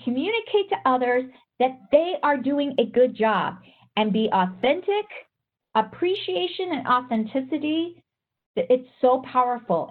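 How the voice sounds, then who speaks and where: A woman giving a motivational talk to an audience as a trainer, telling a story in an animated way and quoting others in shifting voices. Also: on the high side. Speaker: speaker and trainer. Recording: tinny phone-like sound.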